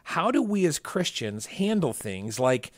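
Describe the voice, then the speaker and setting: A man's voice: a little high, big pitch swings, unhurried, no echo. A man hosting a faith podcast, upbeat and chatty, laughing easily and reading a listener question. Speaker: podcast host. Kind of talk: casual podcast chat.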